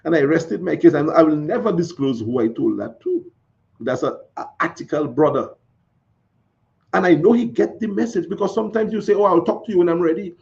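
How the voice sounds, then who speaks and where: A man's voice: high voice, creaky, a little mellow. A man hosting a live stream, reading viewer comments and chatting in a folksy, repetitive way. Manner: chatty, folksy, repeats phrases. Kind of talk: casual live-stream talk. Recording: dull lo-fi stream audio.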